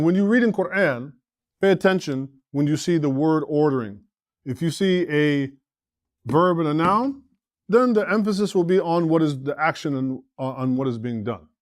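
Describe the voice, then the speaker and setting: Guy teaching a class, bit higher voice, dry sound, keeps going "right?" and asking the room stuff. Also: no echo. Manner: explains patiently, checks in with "right?" and asks the class questions. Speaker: Arabic teacher and imam. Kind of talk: classroom lecture.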